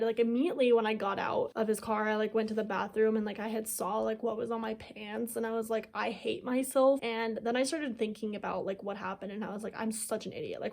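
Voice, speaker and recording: A woman's voice: fairly high pitch, a little mellow. Chatty young woman telling a story. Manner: chatty, self-mocking, heavy "like" filler. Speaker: YouTuber. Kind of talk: casual storytime.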